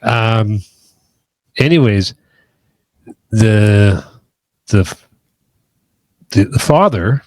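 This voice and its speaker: In a dry recording, a man with a fairly low voice co-hosts a podcast, chatting loosely and wandering through his points with lots of hedges and false starts.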